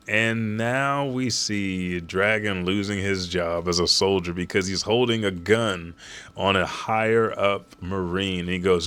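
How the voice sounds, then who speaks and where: A man with a deep, low voice reads a comic chapter aloud on a live stream, narrating panels and dropping casual asides. He swears freely and talks like he's hanging out with viewers. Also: slow pace, fairly bright tone, clean tone. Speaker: host reading and reacting to a comic chapter. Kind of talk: casual live reaction reading.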